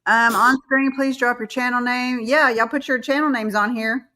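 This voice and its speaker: A woman's voice: on the high side, fairly even intonation, normal speed, sharp tone. A woman with a Southern American accent co-hosting a live stream in casual chat, telling chatty stories and acting out quotes. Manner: chatty storyteller, acts out quotes.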